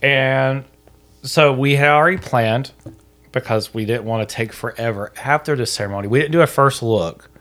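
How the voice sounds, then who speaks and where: A man's voice: mid-range voice, moderate pace, fairly bright tone. A man in his thirties co-hosting a podcast, telling a story in a dry, sarcastic way. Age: 30s. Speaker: podcast co-host. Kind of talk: casual chat.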